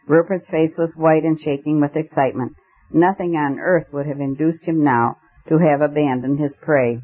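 A man's voice: a little high, normal speed, lo-fi sound. Man narrating a classic novel. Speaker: audiobook narrator. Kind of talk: scripted narration.

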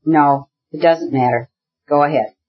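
An abrupt, angry, gaunt brother barks his lines in a slightly raised, husky tone, as a male narrator puts him on. The audiobook recording sounds dull and lo-fi. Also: on the high side, a little slow. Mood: defiant. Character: gaunt sickly irritable older brother. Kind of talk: audiobook character reading.

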